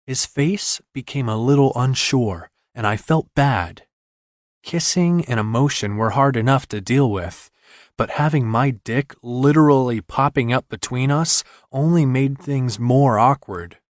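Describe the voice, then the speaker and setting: Male narrator, first-person romance reading, intimate, very slow, dry close sound. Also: mid-range voice, dry recording. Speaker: audiobook narrator.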